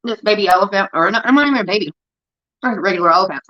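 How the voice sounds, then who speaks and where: Woman, livestream host, casual profane storytelling, sharp bright tone, dull lo-fi sound. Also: medium pitch, quick pace. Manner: profane, rambling, easily sidetracked.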